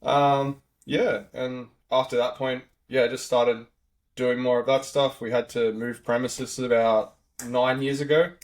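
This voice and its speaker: A man's voice: medium pitch, flat delivery, unhurried. Man, Australian accent, 30s, casual podcast guest, rambling. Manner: rambling, filler-heavy, easygoing. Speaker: podcast guest, auto technician. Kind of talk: casual chat.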